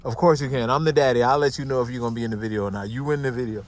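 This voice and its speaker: A man's voice: mid-range voice, rapid-fire. Chatty middle-aged man vlogging. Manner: lively, chatty, addresses viewers as y'all. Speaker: vlogger host. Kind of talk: casual vlog chat. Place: restaurant and parked car. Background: music playing.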